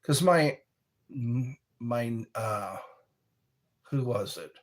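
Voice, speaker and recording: An American man, a bit tipsy from wine, chats casually on a live stream in an animated, medium-pitched voice. He rambles slowly and reads viewer comments aloud.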